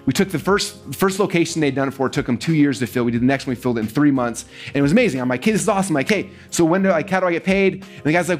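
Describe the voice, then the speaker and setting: A man telling a business story to an audience, fast and animated, acting out the quoted lines of other people. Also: soft background music. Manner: fast, animated, acts out quoted dialogue with big pitch jumps. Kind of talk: energetic storytelling talk.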